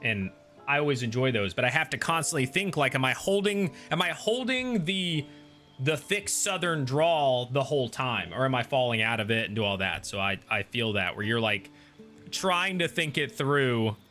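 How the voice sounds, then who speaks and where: Casual male streamer host, rambling chat delivery, brightish tone over quiet game music. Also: mid-range voice, animated, moderate pace. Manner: rambling, many ums and restarts, reads chat aloud. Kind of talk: casual chat while gaming.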